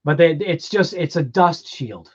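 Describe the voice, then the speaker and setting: A man's voice: a little high, lively intonation, measured pace, breathy edge. Chatty Boston man, dull lo-fi sound. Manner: chatty, laughs often, rambling explanations. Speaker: livestream host. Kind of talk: casual livestream chat.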